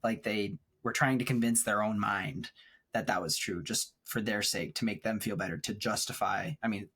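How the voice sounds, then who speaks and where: Podcast co-host, male, husky lowish voice, rambling and reflective. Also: normal speed, fairly bright tone. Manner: thoughtful, rambling, laughs often. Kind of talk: casual chat. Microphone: remote recording setup.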